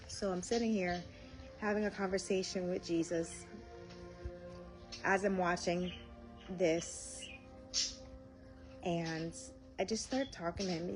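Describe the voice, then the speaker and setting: At home indoors, a faith livestream host speaks live to her viewers in a slow, earnest, heartfelt way, audibly near tears as she shares a personal faith experience. Her lowish voice keeps a steady tone, and music plays in the background.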